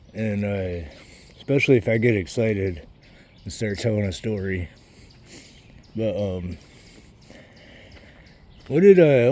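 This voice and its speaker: Casual male vlogger, mid-pitch, mellow tone, walking and talking, winded, wandering off topic and cursing freely. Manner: rambling, swears a lot, loses his train of thought. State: out of breath. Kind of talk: rambling casual vlog while walking outdoors. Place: outdoors on a walk, birds around.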